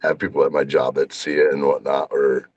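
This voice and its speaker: A man guesting on a podcast in casual chat, with a very deep voice and a laid-back, low-key way of talking. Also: flat delivery, fairly quick, a little mellow, no room sound, dull audio. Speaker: guest content creator.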